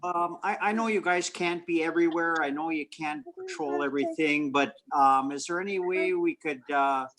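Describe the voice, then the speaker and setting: Halting council member, slightly high. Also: male voice, a bit bright, slight background noise. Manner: halting, repeats words, polite. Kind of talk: remote council meeting discussion.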